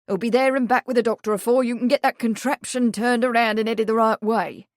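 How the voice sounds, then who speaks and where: Woman putting on a gruff old-country stable man, rough and plain-spoken, dry sound. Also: on the high side, fairly even intonation, fairly quick, no echo, natural voice. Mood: gruff, respectful. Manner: rustic country dialect. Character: gruff shaggy-headed male stable hand.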